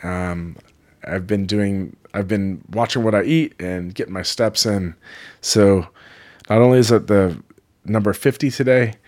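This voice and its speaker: Rambling low-voiced man from California. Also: a little slow, darkish tone. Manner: rambling, enthusiastic, digressive. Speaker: vlogger. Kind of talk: casual travel vlog.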